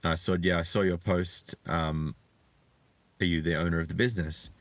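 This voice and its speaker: A man in his thirties talking earnestly and reflectively to viewers on a live stream, often halting to find his words. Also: sits low, steady tone, dry recording. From Australia. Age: 30s. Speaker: channel host. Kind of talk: live-streamed personal talk.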